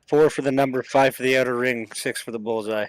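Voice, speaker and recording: A man's voice: mid-range voice, steady tone, a little fast, no echo, rough recording. Eager, scheming male player, dry sound. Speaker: tabletop game player.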